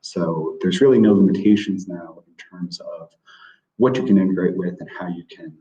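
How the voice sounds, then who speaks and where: A low-voiced man with a mellow tone walks through a product in a webinar, hesitating often and leaning on filler words. He sounds distant and roomy, with dull, muffled audio from a video call. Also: normal speed. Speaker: product presenter. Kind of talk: webinar presentation.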